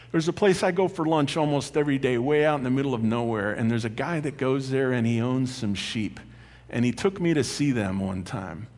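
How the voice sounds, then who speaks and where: A man preaching a sermon as pastor, animated and conversational, with asides and light laughter. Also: mid-range voice. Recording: long hall reverb.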